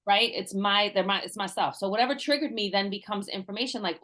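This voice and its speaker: A woman's voice: mid-range voice, fast talker, hardly any pauses, pushed and bright. A woman in her forties, a guest coach, telling personal stories in a casual interview, laughing often and acting out the voices of people she quotes. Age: 40s.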